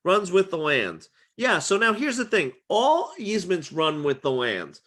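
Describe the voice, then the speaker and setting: A man teaching a casual real estate exam lesson, chatty and full of fillers like "okay", his voice getting worn and hoarse. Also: high-pitched, very animated, unhurried, fairly bright tone. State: losing his voice.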